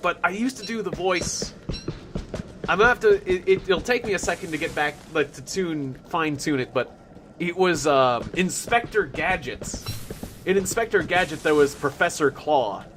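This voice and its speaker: A man's voice: a little high, expressive, normal speed, fairly bright tone, a little hiss or hum. A man hosting a game live stream, chatting playfully with viewers and laughing often. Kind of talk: casual live stream chat.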